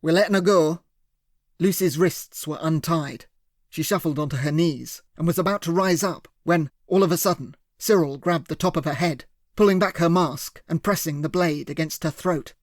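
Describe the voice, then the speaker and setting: A man narrating a first-person thriller audiobook with steady, clear storytelling. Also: fairly high pitch, moderate pace, no echo, clean studio sound.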